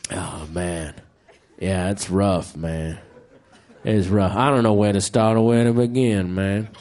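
A deep, drawling crude comic. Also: male voice, steady tone, slow, a little mellow. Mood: weary grumbling. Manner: drawling, mumbling, profane. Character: deep-voiced grumbling male stand-up comic, crude.

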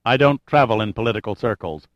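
A man's voice: on the low side, fast, no room sound, muffled recording, close to an everyday voice. A man voicing a cool, sardonic tough-guy hero who answers threats with cold wisecracks. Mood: dry sarcastic.

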